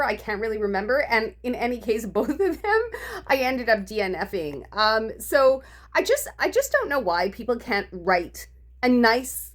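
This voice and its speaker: A woman book vlogger venting her frustration in a casual, profane rant, laughing between complaints. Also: on the high side. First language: English.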